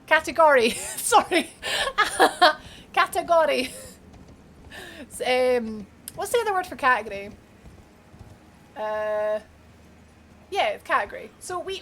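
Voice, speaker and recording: A woman's voice: on the high side, pushed and bright, slight background noise. A young Scottish woman streaming a game live, chatting and laughing with her viewers. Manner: chatty, giggly, reads chat aloud. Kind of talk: live gameplay stream chat.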